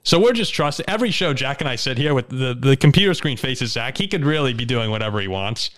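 A young man hosting a casual sports talk show, telling stories in a lively way, often laughing and restarting his sentences. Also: medium pitch, fast talker. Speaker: show host.

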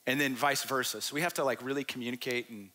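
A man's voice: mid-range voice, fairly even intonation, quick pace, pushed and bright. Guy pastor preaching on a church stage, earnest, says stuff twice for emphasis. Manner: earnest, repeats phrases for emphasis. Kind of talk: sermon.

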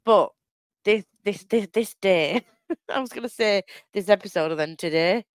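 A woman's voice: medium pitch, moderate pace, no room sound. Female co-host, giggly rambling chatter, dry close sound. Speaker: podcast co-host. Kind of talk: casual chat.

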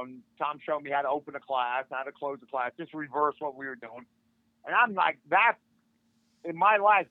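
A slightly high-voiced older man, a martial arts instructor, is a podcast guest telling a story casually and animatedly, acting out what each person said. There's no echo; the recording is dry and tinny, as if over a phone line.

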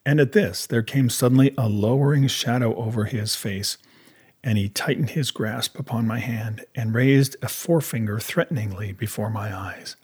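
A man reading a classic adventure novel aloud as first-person audiobook narration, in a measured, even storytelling manner. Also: mid-range voice, breathy edge.

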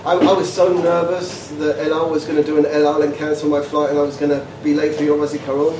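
Man with a high voice, animated and stammering speaker telling funny stories to students, recorded from afar in a reverberant room with noise behind. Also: quick pace. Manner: animated, stammering repetitions, laughs often. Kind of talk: informal talk with humorous anecdotes. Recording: echoey room, distant mic, background noise.

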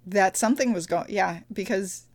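A woman's voice: medium pitch, normal speed, darkish tone. A woman co-hosting a casual podcast chat about a TV show, chatty and full of fillers and self-corrections. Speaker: podcast co-host. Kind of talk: casual chat recapping a TV episode.

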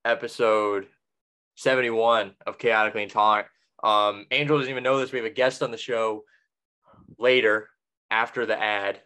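A man's voice: fairly low pitch, fairly even intonation, moderate pace, bright, forceful tone, clear, resonant tone. A young man hosting a podcast, chatting casually and telling a rambling story full of restarts and self-corrections. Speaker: podcast host.

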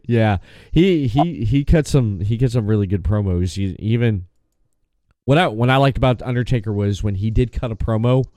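A man's voice: medium pitch, no room sound. Male host, casual wrestling talk, dry close sound, easygoing. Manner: relaxed, halting, restarts phrases. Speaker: podcast host. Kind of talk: casual podcast chat.

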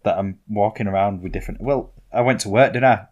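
A man's voice: lowish voice, fast talker, a little mellow, highs cut off. A young man, telling rambling, self-mocking stories as a podcast co-host. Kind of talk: casual storytelling chat.

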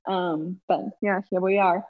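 Heard through narrow, tinny audio, a woman of roughly thirty speaks in a lowish, steady, unhurried voice. Originally from South Africa, she has an accent from home now colored by a Southern US twang. She's a former college runner guesting on an interview, chatting casually and laughing a lot.

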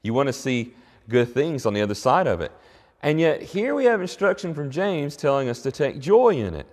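A man's voice: medium pitch, very animated, normal speed, darkish tone. A man preaching a sermon in an earnest, reflective way, often restarting his sentences. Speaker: pastor. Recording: long hall reverb.

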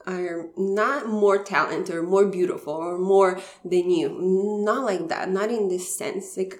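A woman in her thirties with a Bulgarian accent, her first language, talks as a podcast guest, lowish in pitch and chatty, with lots of fillers and small laughs. The recording has a roomy echo around her voice. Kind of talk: casual personal storytelling.

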